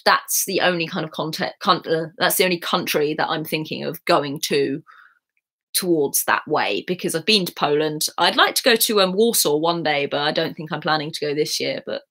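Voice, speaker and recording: A woman's voice: low voice, normal speed, fairly bright tone. A young woman from England with a southern received pronunciation accent, chatting casually on a livestream and answering viewer comments in a rambling way. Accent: southern English received pronunciation. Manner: chatty, rambling, lots of fillers. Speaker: YouTuber.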